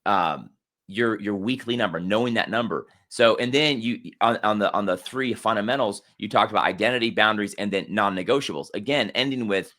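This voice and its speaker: A middle-aged man co-hosting a podcast, telling stories in a rambling, animated way with many restarts. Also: on the low side, a little fast. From Germany. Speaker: podcast co-host. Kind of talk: casual conversational podcast.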